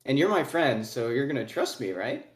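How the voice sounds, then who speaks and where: A man's voice: medium pitch, big pitch swings, normal speed, roomy sound, pitched below the performer's own voice, lightly acted. A man voicing a pouty, self-loathing young man who rambles sheepishly, eager for friends. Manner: rambling, sheepish, full of filler and restarts.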